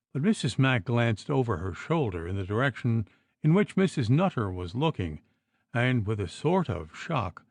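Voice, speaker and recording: A man narrating an audiobook in expressive, unhurried storytelling. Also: medium pitch, no room sound. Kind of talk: scripted narration.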